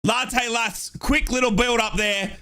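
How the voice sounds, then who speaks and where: A young Australian man giving excited fan play-by-play on a football match and chatting with viewers from his home office. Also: very high-pitched, measured pace. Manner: excitable, shouts at chances, chats with viewers. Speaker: watchalong streamer.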